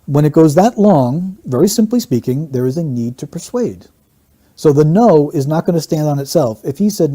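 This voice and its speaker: A man's voice: a little high, animated, moderate pace, dark tone, husky. A man teaching statement analysis, methodically walking through an interview clip and repeating key phrases for emphasis. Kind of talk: explanatory analysis of interview clips.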